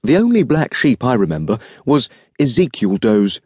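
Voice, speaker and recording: A man's voice: mid-range voice, big pitch swings, normal speed, a little mellow, breathy edge, no room sound. A male audiobook narrator voicing a polite, refined young dandy who works in an art shop, speaking eagerly and deferentially. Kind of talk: audiobook character reading.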